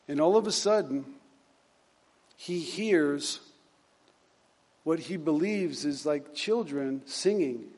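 A man preaching a sermon, retelling a story and reading scripture in a halting way, with many repeated words and fillers. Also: on the high side, animated, darkish tone, in a large hall.

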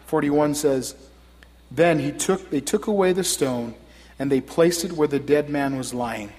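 An earnest male preacher delivering a sermon, his slightly raised voice surging into loud, emphatic peaks. Long reverb trails after each phrase, as if he stands in a large hall. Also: fairly high pitch, unhurried.

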